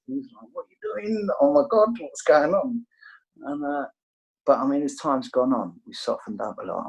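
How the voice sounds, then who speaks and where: A man's voice: fairly low pitch, vocal fry, darkish tone, rough recording. A middle-aged English man with an English accent, telling his recovery story over a video call in a rambling, candid way full of fillers. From England. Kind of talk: casual storytelling.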